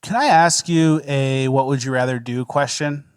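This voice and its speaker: A young man co-hosting a casual podcast chat, telling stories in a relaxed way and often breaking into laughter. His voice is mid-pitched. The recording sounds close and dry. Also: moderate pace, smooth, no echo. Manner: laid-back storyteller, laughs often. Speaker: podcast co-host.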